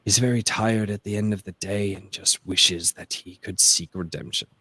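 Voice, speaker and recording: A man voicing a weathered, tired old man who speaks slowly and chooses every word with care. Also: on the low side, steady tone, bright, forceful tone, breathy edge, dry recording, voice pushed down. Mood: weary. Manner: slow, intentional delivery.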